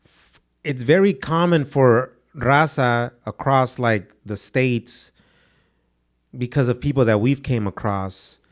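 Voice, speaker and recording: A man's voice: medium pitch, takes it slowly. A young man co-hosting a podcast, telling stories in loose, slangy talk with "dude" and Spanish words mixed in. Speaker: podcast co-host. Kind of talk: casual podcast chat.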